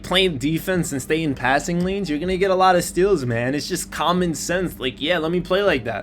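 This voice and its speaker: A young gaming YouTuber with a high voice commentates over footage of himself playing a basketball video game, with a slight hiss or hum in the audio. Frustrated and animated, he vents in casual slang straight to his viewers, calling them "bro" and "man."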